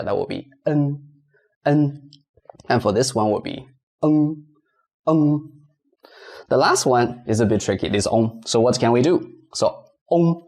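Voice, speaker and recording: A man's voice: mid-range voice, vocal fry. A man teaching beginners pronunciation, patiently repeating sounds and stressing tones. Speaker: Mandarin teacher.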